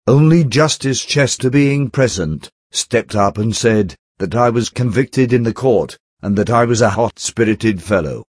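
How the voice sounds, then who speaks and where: A man giving a steady, measured narrated reading of an old text, reading out the speaker tags. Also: mid-range voice, dry recording, clean studio sound. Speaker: audiobook reader.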